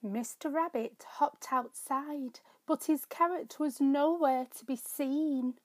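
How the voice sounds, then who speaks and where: A woman reading her own children's story aloud, slow, gentle and clear. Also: high-pitched, dry recording. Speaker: storyteller and author.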